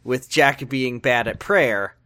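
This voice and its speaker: A man's voice: medium pitch, slow pace, sharp tone. A man co-hosting a podcast in casual chat, with wry, easygoing banter. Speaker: podcast co-host.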